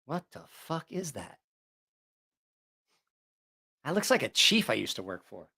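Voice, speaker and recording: A man's voice: on the high side, big pitch swings, unhurried, gravelly, bright, forceful tone, slightly rough. A man hosting a casual livestream about knives, joking, teasing viewers and laughing often. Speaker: knife channel host.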